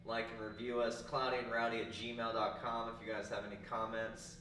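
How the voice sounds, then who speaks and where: A man co-hosts a podcast in relaxed, casual chat. His voice is bright and forward. The sound is roomy and picked up from a mic set back from him. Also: fairly low pitch, fairly quick, far from the mic, a little hiss or hum. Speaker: podcast co-host.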